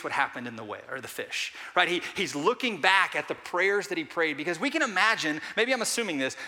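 Pastor guy preaching, high bright voice, asks the congregation stuff, long church reverb. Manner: earnest preaching, rising to emphatic peaks and dropping to quiet pauses. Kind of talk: sermon. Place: church sanctuary.

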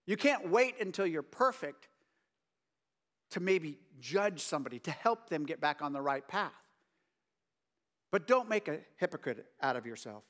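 High-voiced male preacher, conversational and jokey, talks straight to the room. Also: fairly bright tone. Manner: joking, chatty asides to the audience. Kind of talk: casual conversational sermon.

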